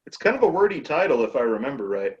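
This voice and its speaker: A man playing as a contestant in a trivia game over a video call, relaxed and conversational. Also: mid-range voice, fast talker, breathy edge, highs cut off.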